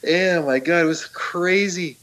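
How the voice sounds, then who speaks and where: Excited man retelling a vivid story. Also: high-pitched, unhurried. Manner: excited, laughing often, many restarts and fillers. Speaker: guest telling a personal story. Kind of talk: casual storytelling on a talk show.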